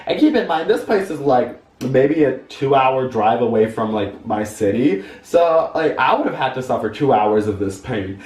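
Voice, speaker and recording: A man's voice: lively intonation, moderate pace, darkish tone. A young man telling a dramatic, campy story from his childhood in a storytime vlog. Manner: campy, dramatic, swings into high-pitched voices. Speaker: vlogger. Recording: echoey room, far from the mic, music underneath.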